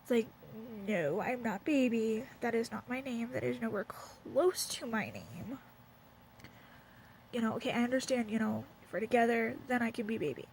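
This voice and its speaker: A woman's voice: on the high side, expressive, normal speed, vocal fry, slight background noise, poor audio. Blunt rambling Southern woman. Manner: rambling and blunt, heavy on fillers. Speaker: vlogger. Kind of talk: candid casual rant to camera. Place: at home, wrapped in a blanket.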